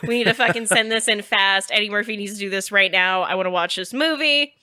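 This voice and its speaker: A woman's voice: mid-range voice, a little fast, pushed and bright, clean tone, no echo, clean studio sound. A woman comedian as a podcast guest, talking loosely and playfully with plenty of swearing. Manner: loose, profane, playful storytelling. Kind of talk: casual chat.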